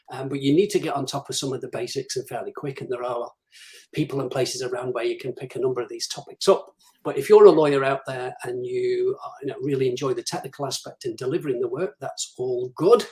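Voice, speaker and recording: A man's voice: medium pitch, a little mellow, low-quality recording. A man speaking as the guest on a live-streamed interview, talking through business development advice and acting out the questions clients put to him. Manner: practical, advisory, acts out clients' questions.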